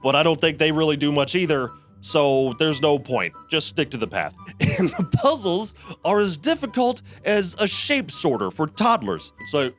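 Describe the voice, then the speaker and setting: A man's voice: a little high, big pitch swings, normal speed, a bit bright, soft background music. A man giving a sarcastic, profane, exasperated review of a video game.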